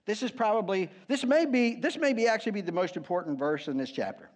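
A man preaching with a fairly high voice, talking to his congregation in an easy, conversational way with dry humor. He drops low and quiet on key words, then lifts his voice for emphasis. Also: animated, quick pace. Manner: conversational, asks the congregation "right?" often, wry humor. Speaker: pastor. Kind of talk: sermon.

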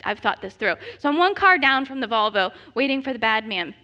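Bright, high-voiced woman telling a funny story. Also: brisk, highs cut off. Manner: animated, self-deprecating, laughing often. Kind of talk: comedic personal storytelling.

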